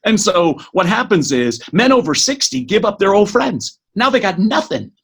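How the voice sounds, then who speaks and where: A middle-aged man speaking as a podcast guest, giving an energetic motivational talk that is quick and full of restarts. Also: sits high, gravelly, slightly rough. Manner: energetic, fast, with many restarts.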